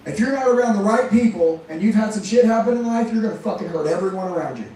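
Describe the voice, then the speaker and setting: Brief: high-voiced male motivational speaker, intense and profane, heavy room echo. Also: animated, fast talker, dark tone. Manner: intense, profane, fires rhetorical questions at the crowd. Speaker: motivational speaker and sales trainer. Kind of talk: motivational speech to a live audience. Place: room with a live audience. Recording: very echoey room, mic far off.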